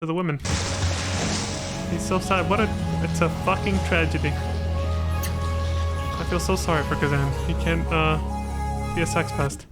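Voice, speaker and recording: A man's voice: a little high, steady tone, unhurried, pauses often, loud music behind the voice. A man giving casual, profane let's-play commentary with laughing asides. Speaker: streamer.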